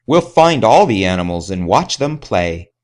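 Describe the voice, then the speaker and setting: A man's voice: lowish voice, sing-song, normal speed, a little mellow. A man narrating a rhyming children's story in a playful sing-song way. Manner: sing-song, playful, imitates animal sounds.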